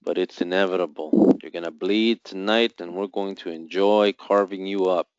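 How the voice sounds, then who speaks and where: A man's voice: low voice, steady tone, normal speed, darkish tone, smooth, no echo. A man hosting live trading commentary, reading out buy and sell volumes and muttering taunts at the market. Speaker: forex trader hosting a live forecasting room. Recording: dull, dry lo-fi sound.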